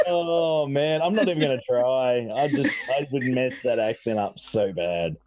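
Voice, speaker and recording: A man's voice: mid-range voice, darkish tone. A man hosting a live gaming stream, joking and teasing his co-hosts in casual chat. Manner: joking, teasing, laughs often. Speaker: host.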